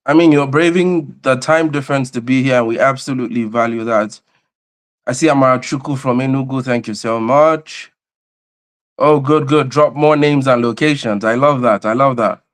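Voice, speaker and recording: A man opens a livestream with lively, repetitive enthusiasm and calls out viewers one by one. His voice sits at an ordinary middle pitch. He loops back over the same words as he builds momentum. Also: normal speed. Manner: energetic, repeats phrases, greets viewers by name. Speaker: host and convener of a livestream. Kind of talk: livestream opening chat.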